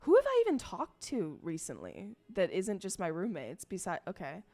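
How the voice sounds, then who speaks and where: A woman's voice: lowish voice, wildly swooping pitch, moderate pace, a little mellow. A young woman streaming, chatting casually and rambling to her viewers, swearing freely along the way.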